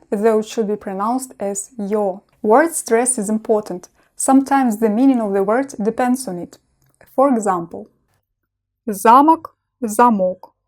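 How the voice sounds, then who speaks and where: A woman teaching a language lesson, pronouncing each example slowly and distinctly as a model for learners. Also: mid-range voice, darkish tone. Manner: slow, clearly enunciated model pronunciation.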